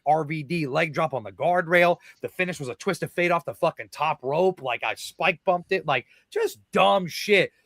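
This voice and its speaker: His fairly high-pitched voice comes through on a dry recording as this man in his thirties, a guest on a podcast, excitedly recounts a wrestling story, cursing often and mimicking what people said.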